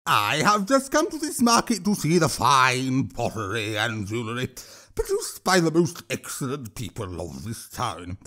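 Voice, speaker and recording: A man's voice: mid-range voice, huge pitch swings, normal speed, sharp tone. A man reading an audiobook, voicing an arrogant, insulting male troll with a wet, slurping delivery. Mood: smug, scornful.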